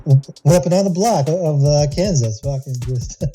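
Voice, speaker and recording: A man's voice: fairly high pitch, moderate pace, warm tone. A young man chatting as a guest musician, rambling and laughing loosely through his answers. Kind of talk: casual interview chat.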